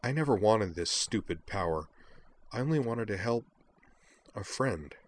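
A man's voice: fairly low pitch, animated, unhurried. A man reading a frustrated young woman's lines in a story, lifting his voice a little for her.

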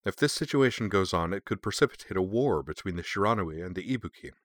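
A man's voice: low voice, animated, fast talker, fairly bright tone, no echo, studio quality. A man voicing a stern, formal woman mentor in an audiobook, speaking sharply.

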